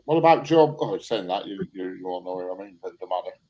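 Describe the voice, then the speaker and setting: A man's voice: low voice, lively intonation, quick pace, warm tone. A man chatting casually on a live stream, laughing and swearing freely. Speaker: live stream panel guest. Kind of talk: casual banter.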